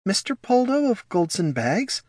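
A man's voice: high voice, big pitch swings, unhurried, a little mellow, no room sound, studio quality, voice pushed up, exaggerated voice. A man voicing a tough, wary furry female creature who speaks in clipped growls. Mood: tense.

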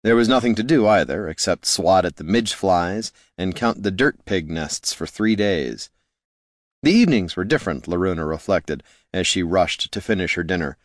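A man reading fantasy fiction aloud as an audiobook narrator, in a measured storytelling manner. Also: low voice, no echo, clean studio sound.

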